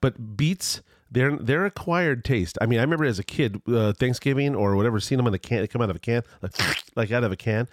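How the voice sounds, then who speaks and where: A man's voice: medium pitch, a little fast, hardly any pauses. A man chatting casually about food, rambling with restarts and savoring the details. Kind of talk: casual chat.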